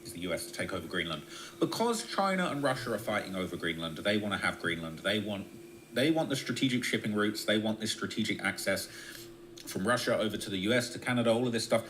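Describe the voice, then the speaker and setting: A man's voice: animated, fast, a bit bright, a little hiss or hum. A man streaming live, giving blunt, profane political commentary and checking in with his viewers after almost every point. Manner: blunt and profane, keeps checking in with "all right?" and "okay?"; shifts between low muttering and raised, emphatic bursts. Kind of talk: casual political commentary on a livestream.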